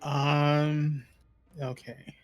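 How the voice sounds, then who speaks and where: A man's voice: a little high, level tone, drawn-out words, faint music behind. A man playing a tabletop game, describing his character's actions hesitantly while he thinks aloud. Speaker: player. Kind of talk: tabletop role-play.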